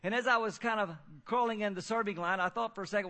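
A man telling a personal testimony in a casual, halting way, with many fillers. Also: sits high, steady tone, sharp tone. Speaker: storyteller.

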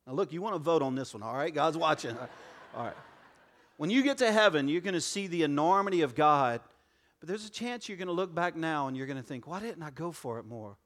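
A man's voice: fairly high pitch, expressive, fairly quick, a bit bright. A man preaching a sermon to a church congregation, joking and conversational, with frequent asides to the audience. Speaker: pastor. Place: church auditorium before a congregation.

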